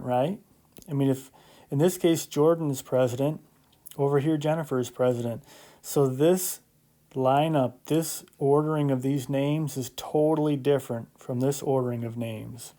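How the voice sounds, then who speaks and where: A math instructor gives a recorded lecture in a slightly high, mellow voice at normal speed, explaining step by step conversationally. He adds joking asides and often checks in with "right?".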